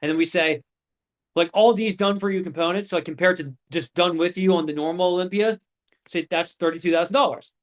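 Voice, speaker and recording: Young male instructor, high pitch, casual and profane, brisk storytelling energy. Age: 20s. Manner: casual, swearing, animated storytelling. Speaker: course instructor. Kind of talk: live online class talk.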